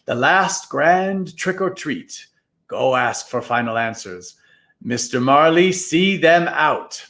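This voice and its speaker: A man voicing a mysterious, commanding man in a storybook reading, speaking slowly and drawn out. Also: fairly high pitch, lively intonation, fairly bright tone, full character voice.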